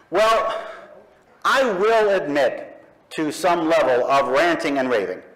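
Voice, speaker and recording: Higher-pitched man giving an emphatic speech. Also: a bit bright, poor audio. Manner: emphatic, slow, punchy declarations with pointed pauses. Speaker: speaker at an atheist convention. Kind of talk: public speech to a live audience. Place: live event in front of an audience.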